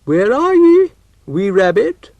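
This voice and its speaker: A man putting on a grumpy Scottish dog, gruff and scoffing, with a lively, swooping delivery. The talk comes slow and dry, close to the mic, like a classic children's storybook. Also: high-pitched, no room sound, highs cut off, pitched above the performer's own voice, heavily acted. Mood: grumbling.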